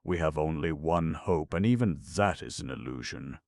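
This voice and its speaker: Sad faltering clockwork man, read by a man: very low, gravelly, dry sound. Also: expressive, a little mellow, no room sound. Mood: plaintive. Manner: halting, repetitive, plaintive. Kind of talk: audiobook reading.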